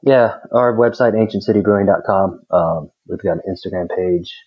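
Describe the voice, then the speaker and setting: A man's voice: low voice, normal speed, breathy edge, muffled recording. A man appearing as a guest on a podcast, talking in an easygoing, slangy way about his brewery's plans. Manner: easygoing, uses casual slang. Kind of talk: casual podcast chat.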